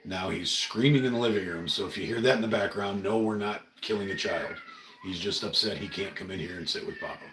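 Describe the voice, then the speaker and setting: Brief: middle-aged man, low and earnest, talking a bit off-mic in a roomy home room. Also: brisk, a bit bright, far from the mic, a little hiss or hum. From Oregon, USA. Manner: earnest, rambling, emotional. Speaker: livestream host. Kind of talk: casual livestream monologue.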